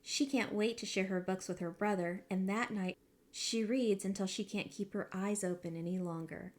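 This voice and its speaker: A woman's voice: medium pitch, moderate pace. Woman teacher reading a picture book aloud. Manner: expressive storytelling with pointers to the pictures.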